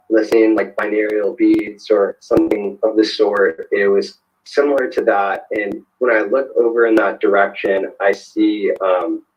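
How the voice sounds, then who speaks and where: A man, a podcast guest, telling a personal story in a conversational way, hesitant, with many fillers and restarts. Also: fairly low pitch. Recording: dull lo-fi sound.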